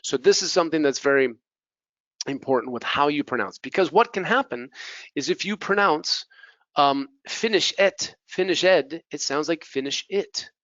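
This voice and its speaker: A man with an American accent teaching English pronunciation to Spanish speakers, repeating words slowly to drill the sounds. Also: a little high, fairly bright tone, dry recording, dull audio. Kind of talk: bilingual pronunciation lesson.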